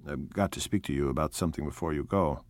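A man voicing a nervous, awkward young man in love, speaking low, hushed and halting. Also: no echo. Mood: alarmed.

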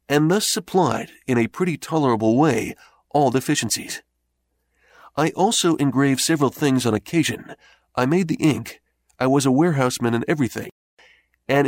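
A man narrating an old first-person memoir in a measured, steady reading voice. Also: medium pitch, no room sound, clean studio sound. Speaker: audiobook narrator.

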